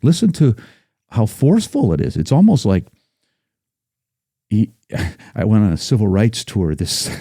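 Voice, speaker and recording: A man's voice: lowish voice, huge pitch swings, a little slow, long pauses, dark tone, slightly rough, dry recording, clean studio sound. A man, a battlefield guide guest on a podcast, speaking emphatically and reciting passages with building force. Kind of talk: casual podcast discussion.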